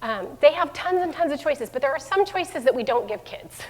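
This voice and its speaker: Faint music sits behind this live presentation, where a middle-aged woman who heads a school division talks warmly to a room of parents about parenting. Her slightly high voice is expressive and at normal speed, her delivery unscripted and full of fillers and restarts, all carried on a long hall reverb.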